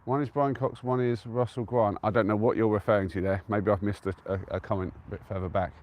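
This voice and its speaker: Outdoors at a trig point on a calm, open hilltop, a man from England live-streams in a fairly low, darkish voice with fairly even intonation. He talks fast and keeps things relaxed, responding to viewers' comments as he goes.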